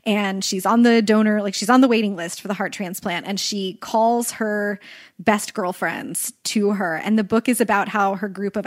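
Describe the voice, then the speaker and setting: A woman co-hosting a casual book podcast, speaking earnestly and sometimes confessing nerves. Her voice sits mid-pitch and the recording is close and dry. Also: normal speed, no echo. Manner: earnest, nervous about doing a book justice. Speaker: podcast co-host.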